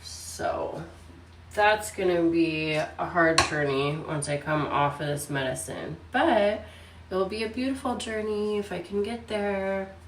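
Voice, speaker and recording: A woman vlogging casually about her days, tired and out of breath, speaking softly. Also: on the low side, fairly even intonation, roomy sound, recorded from a distance, slight background noise. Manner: weary, speaking softly and slowly. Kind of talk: casual personal vlog. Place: hospital room, then home.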